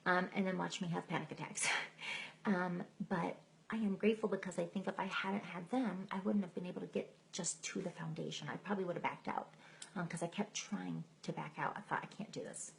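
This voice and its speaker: Gravelly woman telling her story. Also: lowish voice, slight background noise, poor audio. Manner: candid and emotional, laughing at herself. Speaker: speaker sharing her testimony. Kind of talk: personal testimony told live. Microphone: phone or computer mic on a live stream.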